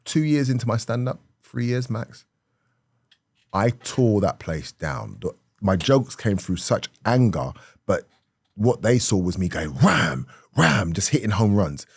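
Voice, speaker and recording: A middle-aged man, a comedian telling an animated story in conversation, swinging from hushed to loud and laughing often. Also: fairly low pitch, unhurried, breathy edge, dry recording, studio quality. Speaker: comedian guest.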